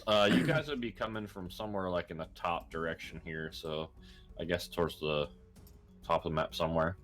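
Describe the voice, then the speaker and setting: A man's voice: sits low, brisk, fairly bright tone. A man narrating as game master, hesitant and full of ums and uhs. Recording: faint music behind.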